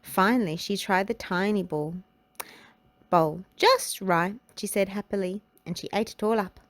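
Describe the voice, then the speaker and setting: A woman reading a children's storybook and nursery rhymes aloud, in a gentle, unhurried way. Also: mid-range voice, no echo. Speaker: children's book reader.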